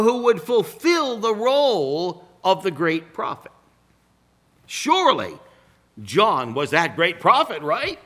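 A man preaching a sermon, swinging between emphatic rises and hushed drops. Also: high voice. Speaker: pastor.

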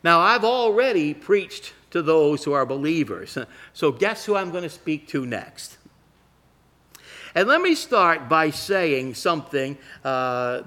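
A middle-aged man preaching a sermon as pastor, reading scripture aloud and slowing down to stress key phrases. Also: on the high side, sharp tone.

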